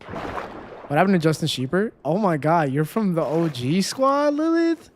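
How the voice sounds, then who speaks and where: Slow-talking gaming streamer chatting with viewers. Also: medium pitch, sing-song, slight background noise. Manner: talks to chat, counts aloud, bursts into loud dismayed outbursts. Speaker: live streamer. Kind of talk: casual live-stream chat while gaming.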